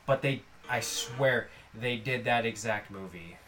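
A man's voice: mid-range voice, unhurried, pushed and bright, a little hiss or hum. A man co-hosting a podcast, speaking in frank, grumbling casual chat. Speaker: podcast co-host.

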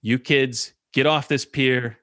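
A man's voice: mid-range voice, steady tone, slow, fairly bright tone, no echo, studio quality. A man doing a pushy carnival game barker. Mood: stern. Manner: coaxing, persuasive patter.

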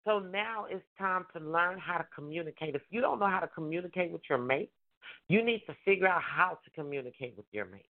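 A woman's voice: on the low side, animated, brisk. A woman life coach hosting a call-in show. She gives relationship advice emphatically, repeats her points and acts out the voices of the couples she describes. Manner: emphatic, repetitive preaching with acted-out mimicry. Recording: tinny phone-line sound.

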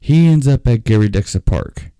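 A man's voice: medium pitch, animated, moderate pace, dark tone, smooth, no room sound, studio quality. A man casually retelling a scary personal story in a rambling, profane way.

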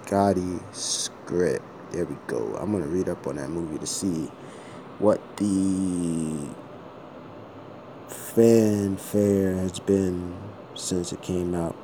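A man's voice: low-pitched, warm tone, slight background noise. A man talking casually to the camera, meandering and thinking aloud, with some swearing. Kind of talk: casual rambling vlog.

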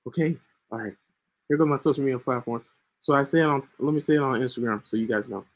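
A man's voice: mid-range voice, fast. A man hosting his own podcast, teaching the Bible in a casual, earnest monologue and often checking in with "right?", with coughing fits breaking in. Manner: earnest, keeps asking "right?". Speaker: Christian podcast host. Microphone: home computer mic with screen sharing.

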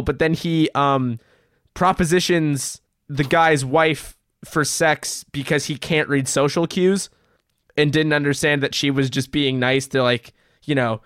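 A man's voice: mid-range voice, clear, resonant tone, no room sound, studio quality. A man recapping a movie plot on a podcast in casual chat, blunt, profane and sarcastic. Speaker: podcast co-host reviewing a movie.

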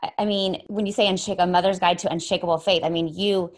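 A woman interviewing a guest, framing her questions haltingly with restarts. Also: fairly low pitch, fairly even intonation. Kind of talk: interview conversation.

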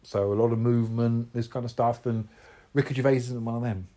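A man's voice: mid-range voice, steady tone, brisk, dark tone. A man chatting casually as co-host, rambling and searching for words as he talks. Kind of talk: casual chat.

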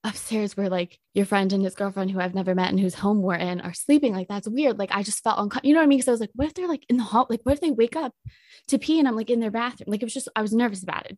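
Fast-talking young woman telling a story. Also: dry recording, clean studio sound. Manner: animated, acts out quotes with jumps in pitch, many fillers. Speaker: podcast cohost. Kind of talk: casual storytelling chat.

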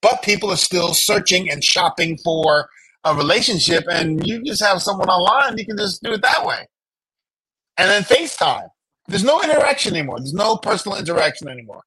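A man co-hosting a casual chat, animated and acting out the people he quotes. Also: sits high, fairly quick, husky, dry recording, rough recording. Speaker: podcast co-host.

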